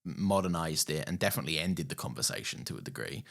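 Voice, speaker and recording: A man's voice: rumbling low, lively intonation, quick pace, vocal fry, a bit bright. A man co-hosting a podcast, chatting casually and animatedly, swearing freely and laughing often. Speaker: podcast co-host. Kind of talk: casual film chat.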